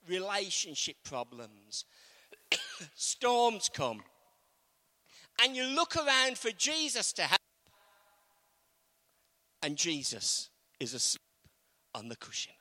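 A man's voice: high-pitched, sing-song, takes it slowly, long pauses, sharp tone. A man preaching a sermon in a conversational way, asking the congregation questions. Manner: conversational, asks the congregation questions, acts out quotes.

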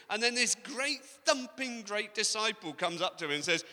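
Bright-voiced pastor in a reverberant hall. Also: male voice, high voice, normal speed, few pauses. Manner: animated storytelling, playing out the characters in voices. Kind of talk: sermon. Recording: long reverb of a large hall.

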